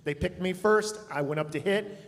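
A man's voice: high voice, moderate pace. A male online pastor reading viewers' answers aloud and telling a short story in a casual, good-humored way. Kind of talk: reading live chat answers. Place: church sanctuary. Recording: long hall reverb.

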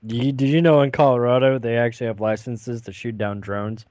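A man co-hosting a casual podcast, animated and swearing as he talks. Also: medium pitch, brisk, dry recording, highs cut off. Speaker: podcast co-host.

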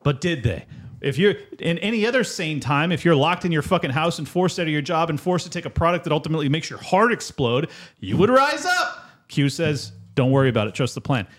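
A man co-hosting a casual podcast, ranting quickly and swearing as he makes his points. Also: on the high side, very animated, fairly bright tone. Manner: fast, profane, ranting. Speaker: podcast co-host.

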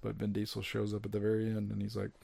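Young man, casual podcast chat, dry close sound, lively storyteller. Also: lowish voice, fast talker, gravelly, dry recording. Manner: animated storyteller, jumps into quoted voices.

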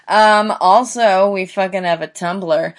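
A woman's voice: medium pitch, slow pace. A woman co-hosting a podcast in casual chat, rambling and upbeat with frequent swearing. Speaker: podcast co-host.

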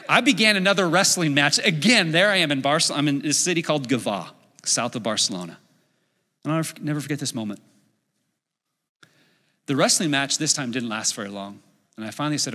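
A middle-aged man preaching a sermon as a pastor, telling a story in an animated way and acting out his own inner voice. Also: fairly high pitch, brisk. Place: church sanctuary. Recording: long hall reverb.

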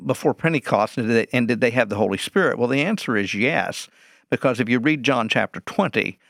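Man, bible teacher, interview explanation, rhetorical questions, mid pitch, dry close sound. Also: expressive, a little fast, creaky, fairly bright tone, no room sound. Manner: teacherly, poses rhetorical questions and answers them.

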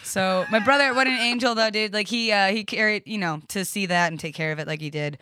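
A woman's voice: mid-range voice, brisk, sharp tone, dry recording. A woman guest on a podcast, telling a long personal story in a rambling, profane way full of fillers like "like" and "uh," recorded in a studio. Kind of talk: casual storytelling chat.

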